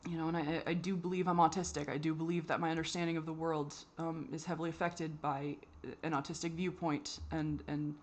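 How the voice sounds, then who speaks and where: Woman venting on her vlog, kinda low voice, lots of um and you know, stops and restarts a lot. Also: flat delivery. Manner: halting and frustrated, many restarts and fillers; swears when exasperated. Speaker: vlogger. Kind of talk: candid personal monologue.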